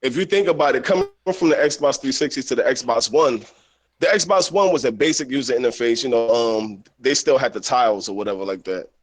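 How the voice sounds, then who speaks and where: A man in casual podcast chat, laid back and filling his pauses with um and like. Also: medium pitch. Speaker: podcast guest.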